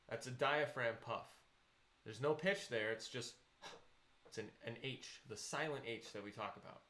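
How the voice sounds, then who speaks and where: A man's voice: mid-range voice, fairly bright tone, reverberant. A man teaching a voice lesson, patiently explaining vocal technique and counting students into exercises.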